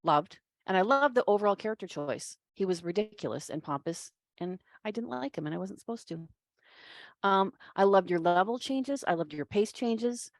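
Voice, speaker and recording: A woman's voice: medium pitch, lively intonation, moderate pace, no echo. A woman judging a voice-acting competition, giving gushing, effusive feedback. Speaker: competition judge. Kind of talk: casual spoken feedback.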